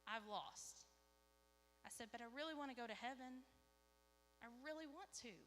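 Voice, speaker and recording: A woman, giving an animated church testimony and acting out dialogue. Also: high voice, normal speed. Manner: animated storytelling, acts out dialogue. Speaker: lay speaker giving a testimony. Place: church sanctuary. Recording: live church hall with reverb, faint hum.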